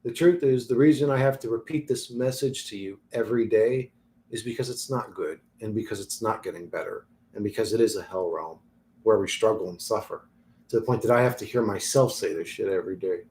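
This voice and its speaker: A man putting on the voice of a subdued male self-help vlogger who confesses in a low, quiet tone. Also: fairly quick, lightly acted. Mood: confessional.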